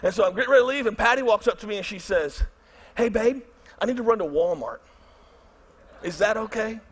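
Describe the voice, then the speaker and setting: A middle-aged man, preaching a storytelling sermon in an animated way and acting out his own thoughts. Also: high voice, a little fast, slightly rough. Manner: animated, acts out his own inner voice loudly. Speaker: pastor.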